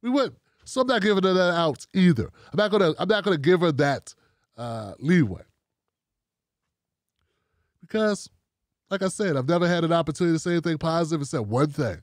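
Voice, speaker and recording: A man with a high-pitched voice hosts his own talk show. He speaks bluntly and casually and swears freely. The sound is dry and close, with no room echo. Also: brisk, pauses often. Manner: blunt, profane and animated, talking straight at the audience. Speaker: show host.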